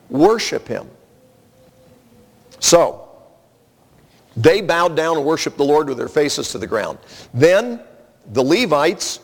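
Preaching man in a reverberant hall. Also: fairly high pitch. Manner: earnest, conversational preaching with personal stories. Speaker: pastor. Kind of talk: sermon. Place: church sanctuary. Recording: long reverb of a large hall.

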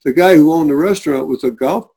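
Gravelly, husky middle-aged man. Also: fairly high pitch, fast. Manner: earnest, animated storyteller who acts out quoted voices. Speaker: guest. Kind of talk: telling a personal faith story.

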